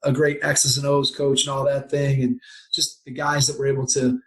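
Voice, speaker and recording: A man's voice: mid-range voice, little pitch movement, normal speed, low-quality recording. A man hosting a podcast, asking long rambling reflective questions. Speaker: podcast host. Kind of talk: casual interview talk.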